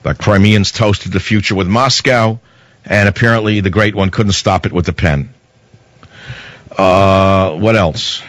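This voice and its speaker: A man's voice: low voice, steady tone, measured pace, a bit bright, dry recording. A man hosting a talk radio show, delivering a rambling, sarcastic, heated monologue into a studio microphone.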